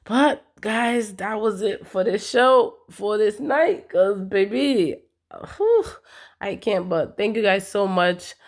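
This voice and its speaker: Woman, vlogger, reality TV recap, casual, slangy, emphatic, animated. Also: medium pitch, slow. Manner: animated, emphatic, slangy, talks straight to viewers.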